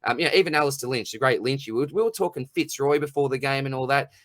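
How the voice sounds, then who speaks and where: A man's voice: mid-range voice, fast talker, fairly bright tone, no echo. A middle-aged man with an Australian accent, hosting a podcast in blunt, rambling, jokey rants. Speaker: podcast host. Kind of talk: casual chat.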